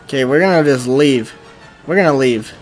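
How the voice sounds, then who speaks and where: A male streamer commentating his gameplay, often frustrated and ranting at the game, with sudden bursts of yelling. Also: medium pitch, moderate pace, faint music behind.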